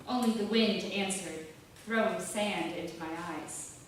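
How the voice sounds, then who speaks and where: A woman giving a measured, deliberate literary reading of a novel. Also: mid-range voice. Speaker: author reading her novel. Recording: roomy, distant, faint hiss.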